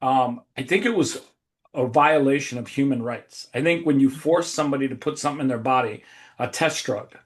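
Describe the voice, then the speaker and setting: A man's voice: mid-range voice, a little fast. A man hosting a casual podcast, telling long rambling stories with frequent restarts and laughs. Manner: rambling, self-interrupting, laughs mid-story. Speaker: podcast host. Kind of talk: casual conversational storytelling.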